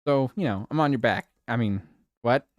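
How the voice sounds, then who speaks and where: A man's voice: mid-range voice, moderate pace, no echo, clean studio sound. A man streaming live, chatting casually with his viewers, giggling a lot and swearing playfully.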